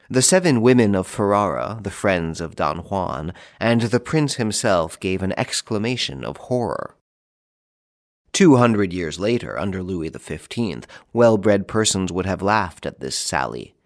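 A man reading a classic novel aloud in a measured, formal narration. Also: low-pitched, expressive, no room sound, clean studio sound. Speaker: audiobook narrator. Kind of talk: scripted narration.

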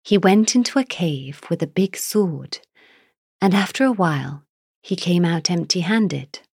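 A woman's voice: lowish voice, expressive, measured pace, vocal fry, a little mellow, breathy edge, no room sound, clean studio sound, heavily acted. A woman voicing an old wise eagle. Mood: calm.

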